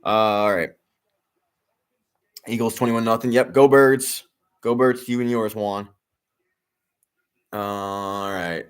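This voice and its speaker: This young male streamer, whose voice sits slightly low, rambles through casual live commentary during a sports watch-along. He speaks slowly with frequent pauses and a clean tone, yet stays an excitable fan full of fillers, restarts and occasional swearing.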